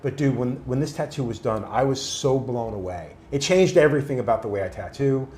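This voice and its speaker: A man's voice: medium pitch, brisk, reverberant, a little hiss or hum. A man casually telling stories, swearing freely and acting out other people's voices. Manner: animated, swears freely, acts out quoted voices. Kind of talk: casual storytelling.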